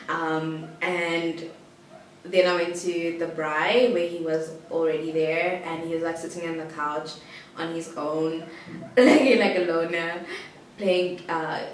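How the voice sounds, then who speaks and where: A young woman from South Africa telling a personal story to camera, rambling and giggly, with many "like" fillers. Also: sits low. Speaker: vlogger. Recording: roomy echo, distant mic, faint hiss.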